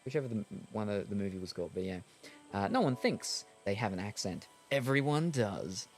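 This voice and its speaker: A man's voice: on the low side, animated, fairly quick, a little mellow, soft background music. An Australian man chatting casually while streaming a game, rambling and hesitant with lots of ums and uhs. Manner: rambling, hesitant, many fillers. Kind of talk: casual chat while gaming.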